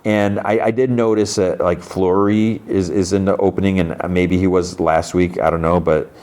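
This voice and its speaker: A man's voice: low voice, steady tone, normal speed, a little mellow. A man from Illinois, a podcast host, casually recapping an episode in a rambling way. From Illinois, USA. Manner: rambling, fillers like "like".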